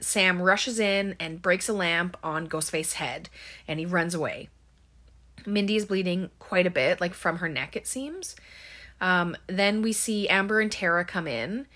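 A woman talks through a film recap in a loose, chatty way, dotting her speech with "um" and "like". Her voice sits a little low but sounds bright and clear. She slips into quick impressions of the characters as she goes. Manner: chatty, lots of "um" and "like", acts out quoted lines. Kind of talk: casual spoken film recap.

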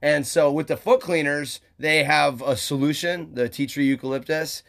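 A man's voice: on the high side, steady tone, moderate pace, vocal fry, fairly bright tone. A man co-hosting a podcast in a laid-back, joking chat, full of dude and bro. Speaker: podcast co-host. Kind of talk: casual chat.

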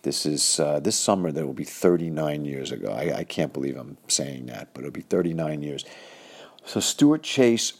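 A man's voice: rumbling low, lively intonation, normal speed. A man in his fifties telling a rambling personal story, full of fillers, acting out the people he quotes.

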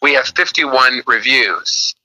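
Male interview guest, bright forceful voice, animated storyteller. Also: slow, poor audio. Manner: animated storyteller, acts out quotes in a higher voice. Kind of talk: casual interview chat.

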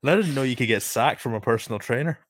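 A man's voice: mid-range voice, animated, rapid-fire, no room sound, clean studio sound. A man in a casual podcast chat, blunt and jokey, swearing now and then. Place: lives in Scotland.

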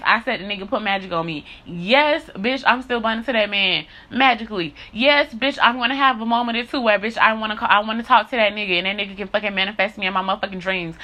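A woman's voice: a little high, pushed and bright. A young woman speaking in a blunt, heated, profane monologue rant to her followers. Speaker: social media creator.

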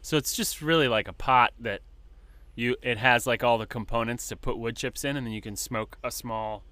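A man's voice: mid-range voice, moderate pace, no echo. A man co-hosting a casual podcast over a video call, telling rambling stories with lots of fillers. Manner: relaxed, rambling storytelling with many fillers. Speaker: podcast co-host. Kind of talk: casual chat. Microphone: microphone on a video call.

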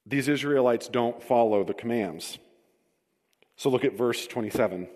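A man's voice: medium pitch, moderate pace, darkish tone. Man preaching in a reverberant hall. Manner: storytelling, self-deprecating humor, reads scripture aloud. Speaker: pastor. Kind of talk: sermon.

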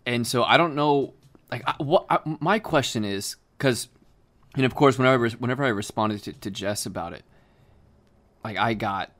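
A young man co-hosting a podcast chats casually, rambling along with lots of fillers and restarts and swearing often. His voice is mid-range and a bit bright, at a normal speed.

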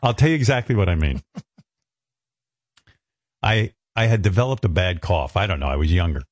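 Brief: blunt male radio host, animated storyteller, dry mic. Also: low-pitched, moderate pace, no room sound. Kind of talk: casual radio talk.

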